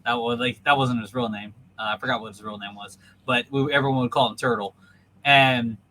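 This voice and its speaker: A man's voice: medium pitch, steady tone, fairly quick, pushed and bright, a little hiss or hum, low-quality recording. A man hosting a podcast over a video call, telling a story in a rambling way full of ums and likes. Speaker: podcast host. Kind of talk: casual storytelling chat.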